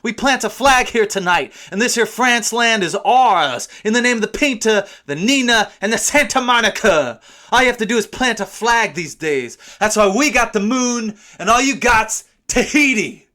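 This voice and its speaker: A man delivers a spoken word poem with a bright, sharp edge to his voice. He is declamatory, dropping into low asides and then surging into loud bursts. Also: lively intonation, normal speed. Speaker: slam poet. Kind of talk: spoken word poetry performance.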